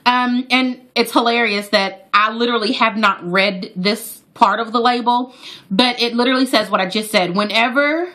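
A woman's voice: a little high, moderate pace. A woman chatting to viewers while reviewing a hair product in a casual vlog. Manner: chatty, animated, talks straight to viewers.

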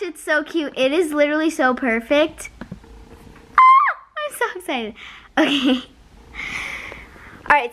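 A woman's voice: high voice, a bit bright. A young woman chatting casually in her vlog, bubbly and gushing, often giggling. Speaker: vlogger.

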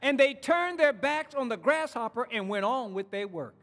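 Very high-voiced male pastor preaching. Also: lively intonation, moderate pace, a bit bright, long reverb tail, soft background music. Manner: exhorting congregation, frequent restarts and repeated words. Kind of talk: sermon.

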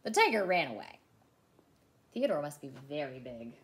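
Lively woman reading a picture book. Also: low-pitched, moderate pace, noisy background. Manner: animated, expressive storytelling. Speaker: childcare teacher.

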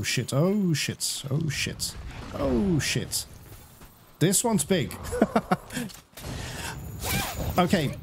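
A man's voice: a little high, background noise. A man giving live gameplay commentary as a channel host, often exclaiming and swearing in frustration. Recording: loud game music behind. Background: loud game music.

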